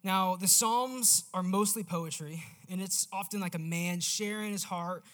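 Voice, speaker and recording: A man preaching a sermon in a casual, animated storytelling manner. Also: high-pitched, unhurried.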